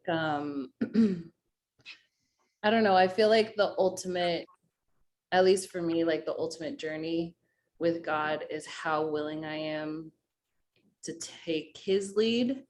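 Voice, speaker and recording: A woman with a lowish voice answers slowly and hesitantly in a church discussion. She searches for words as she goes. Faint noise sits under her voice. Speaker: group member. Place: live church gathering in a room. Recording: distant mic with faint noise.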